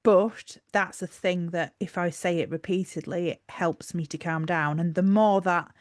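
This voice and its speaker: A woman's voice: on the low side, fairly even intonation, moderate pace, no room sound, clean studio sound. A woman with a North Yorkshire accent, co-hosting a podcast in casual, earnest chat with a slightly anxious manner. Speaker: podcast co-host.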